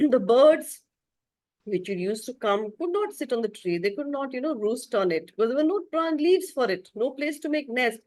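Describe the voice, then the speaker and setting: An expressive woman teacher narrating a moral story to a class, pausing now and then to clear her throat. Her voice sits a little high. The sound is close and dry. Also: dry recording. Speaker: spiritual teacher. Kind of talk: storytelling talk.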